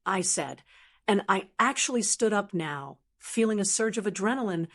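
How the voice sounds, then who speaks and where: Older woman, storyteller, calm, measured, firm, audiobook reading. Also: mid-range voice. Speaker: narrator. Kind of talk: first-person story narration.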